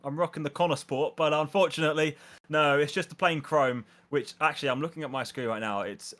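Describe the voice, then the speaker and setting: A man's voice: medium pitch, a bit bright. A man joining a racing stream by voice chat as a guest driver, chatting casually and mocking his own mistakes with laughs. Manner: laughing, self-mocking, upbeat. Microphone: voice chat mic.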